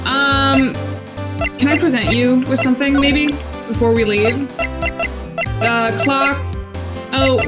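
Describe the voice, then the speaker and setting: A woman casually thinking aloud with lots of ums as she plays through a game. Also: high-pitched. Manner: musing aloud, hesitant with ums. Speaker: gamer playing through a game. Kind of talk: casual let's play commentary. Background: game music.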